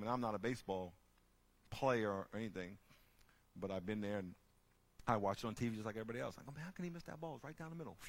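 A man speaking to a group, telling lively stories and acting out the people in them with loud bursts. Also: medium pitch. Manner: lively, acts out characters with loud shouting bursts. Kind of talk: animated storytelling talk.

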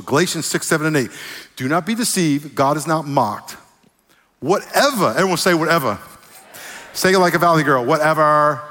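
A man's voice: on the high side, a bit bright. A man preaching a sermon as pastor, joking with the congregation and getting them to call back answers. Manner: playful, jokes with the congregation, call and response. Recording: long hall reverb.

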